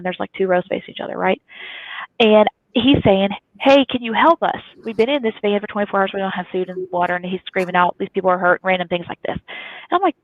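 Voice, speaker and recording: Fast-talking woman on a thin line. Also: medium pitch, no echo. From Kentucky, USA. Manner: lively, chatty, animated storytelling. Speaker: guest. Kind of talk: casual storytelling on a live talk show. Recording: dry, phone-like thin audio.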